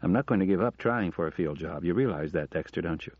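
A man's voice: low voice, lively intonation, fast, a little mellow, dry recording. A man voicing an earnest, persistent male professor in his thirties, in a dull lo-fi audiobook recording. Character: eager 36-year-old male professor.

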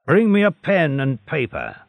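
A man's voice: fairly low pitch, wildly swooping pitch, takes it slowly, vocal fry, breathy edge, phone-quality sound, heavily acted. A man reading a sly scheming seaman. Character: scheming jealous male seaman.

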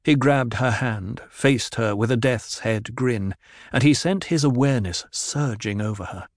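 A man narrating a novel in a measured, even storytelling voice. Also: mid-range voice, no echo, studio quality. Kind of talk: audiobook narration.

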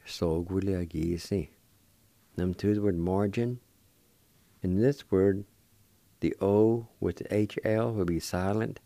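A man's voice: low voice, fairly even intonation, slow pace, long pauses, dark tone, no room sound. A man hosting a radio language lesson who patiently spells each word letter by letter and repeats every pronunciation. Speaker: radio host teaching vocabulary.

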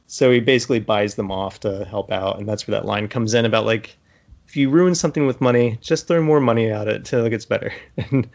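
A man's voice: fairly low pitch, vocal fry, lo-fi sound. A man in casual podcast chat, animatedly retelling a TV episode with lots of fillers. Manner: animated retelling with acted-out quotes, many fillers. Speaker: podcast co-host.

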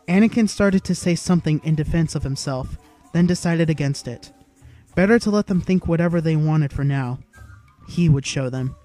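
A man narrating an audiobook with steady storytelling. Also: on the high side, normal speed, faint music behind. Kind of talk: scripted narration.

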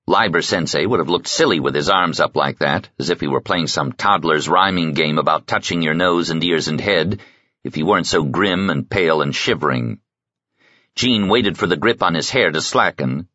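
A man with a low, husky voice reads an audiobook in a steady, measured way. His tone is bright, and the recording is dry and somewhat dull. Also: dry recording. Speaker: audiobook narrator. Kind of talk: scripted narration.

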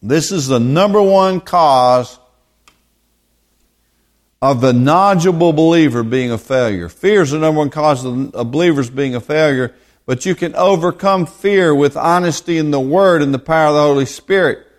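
A man's voice: fairly high pitch, moderate pace. Emphatic male Bible teacher, verse-by-verse sermon, hammers points by repetition. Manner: emphatic, repeats words for stress.

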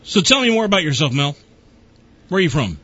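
Lively, bright-voiced teasing radio host man. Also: on the high side, fairly quick. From Dallas-Fort Worth area, Texas. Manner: teasing, joking, lively delivery. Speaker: talk show host. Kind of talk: casual radio show banter. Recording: dull lo-fi recording.

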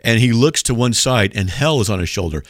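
A man's voice: medium pitch, animated, brisk, no room sound, studio quality. A man hosting a radio show, reading listener letters aloud and mocking them in a wry, casual way.

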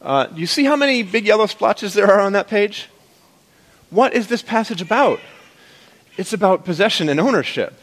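A man's voice: high voice, animated, normal speed, a bit bright. A man as pastor, preaching to his congregation in a conversational, playful way. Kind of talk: sermon.

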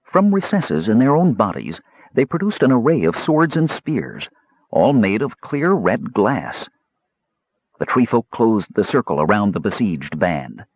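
A man reading fantasy fiction aloud as an audiobook narrator, steady storytelling with varied voices. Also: lowish voice, measured pace, breathy edge, dry recording, lo-fi sound. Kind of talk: scripted narration.

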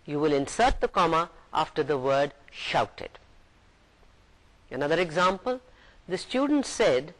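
A man's voice: on the high side, sing-song, unhurried, pauses often, a bit bright, poor audio. A man giving a recorded university lecture, patiently explaining each point and reading example sentences aloud.

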